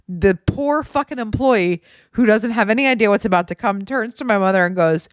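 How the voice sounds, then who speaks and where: A woman hosting her own podcast, telling a story in a casual, animated way, cursing freely and often breaking into laughter. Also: medium pitch, moderate pace, dry recording, shouting, studio quality. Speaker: podcast host.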